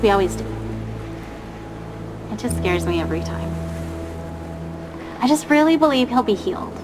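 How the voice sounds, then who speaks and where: A woman's voice: mid-range voice, expressive, normal speed. Woman, mother, anxious, earnest, apologetic, background music. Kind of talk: game voice acting, conversation. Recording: music under the voice.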